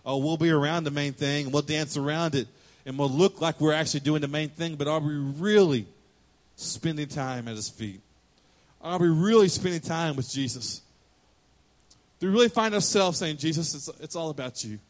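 A male pastor preaches in a church with a folksy, easygoing delivery, slipping jokes into his teaching. His voice sits a little high for a man. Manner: folksy, joking, conversational. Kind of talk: sermon.

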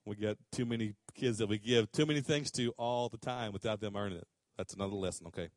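A man's voice: on the low side, fast talker, no room sound, clean studio sound. A middle-aged man, preaching a sermon in a conversational way that rises to emphatic questions. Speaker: pastor.

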